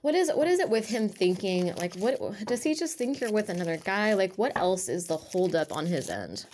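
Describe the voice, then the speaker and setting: A woman's voice: medium pitch, very animated, moderate pace, darkish tone, a little hiss or hum. A woman giving a casual tarot reading to her viewers, talking in a rambling, chatty way full of fillers. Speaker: tarot reader.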